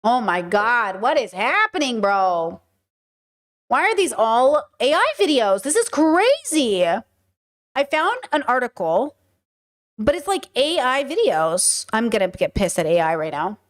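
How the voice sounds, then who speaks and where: High-voiced chatty young woman streaming. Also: sing-song, unhurried. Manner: rambling, emotional, talks to chat, many fillers. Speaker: podcast host streaming live. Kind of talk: casual live-stream chat.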